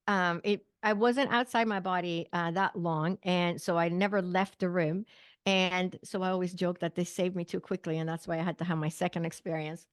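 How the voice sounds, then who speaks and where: A woman's voice: fairly low pitch, no room sound, clean studio sound. A middle-aged woman from Sweden, a guest on an interview show, vividly retelling a personal story with quoted dialogue and small laughs. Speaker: guest, naturopathic physician and psychic medium.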